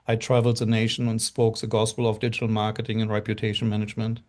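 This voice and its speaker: A man's voice: lowish voice, monotone, fast, darkish tone. A middle-aged man from Germany with a German accent, earnestly telling his story as a guest with lots of fillers. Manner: earnest, rambling with many fillers. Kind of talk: casual storytelling on a live show.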